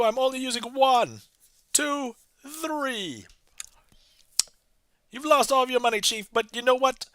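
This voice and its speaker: Guy putting on a old-timey huckster voice, bright and tense, teasing the mark like a 1920s radio man. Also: extremely high pitch, no room sound, studio quality, voice pushed up, exaggerated voice. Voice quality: strained throat. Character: fast-talking 1920s male card-game huckster. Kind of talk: live-streamed magic trick patter.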